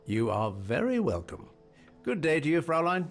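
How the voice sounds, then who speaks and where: A man's voice: a little high, wildly swooping pitch, moderate pace. An actor playing a courteous, resigned elderly male shopkeeper in a video game, speaking formally. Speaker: game character. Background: faint game music.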